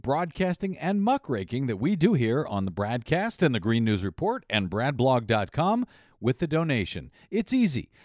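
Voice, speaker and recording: Male talk radio host, political commentary, indignant, emphatic, very animated pitch, dry studio sound. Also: dry recording. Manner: indignant, emphatic, repeats phrases.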